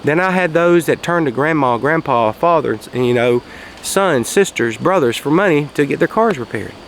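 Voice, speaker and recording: A man telling a folksy story outdoors in a casual monologue, raising his voice for quoted shouts. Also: a little high, expressive, moderate pace, slight background noise. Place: outdoors, quiet spot near traffic.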